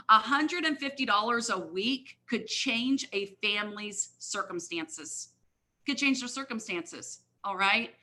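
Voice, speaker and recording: A middle-aged woman with a high, ringing voice speaks at a live company event. Her tone is bright and forceful as she rallies her listeners with motivational enthusiasm. She talks directly to the crowd, calling them "you guys" again and again. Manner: energetic, keeps addressing the crowd as "you guys". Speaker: guest speaker, network marketing leader.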